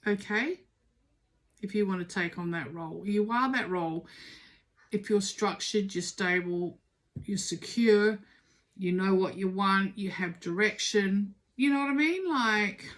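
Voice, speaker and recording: Unhurried and mid-range in pitch, a middle-aged tarot reader speaks casually but insistently. She repeats words for emphasis as she urges her points.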